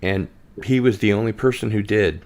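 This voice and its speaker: A man's voice: on the low side, moderate pace. A man hosting a casual podcast chat, hesitant with many ums, reading out viewer comments. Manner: relaxed, reads out viewer comments. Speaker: podcast host.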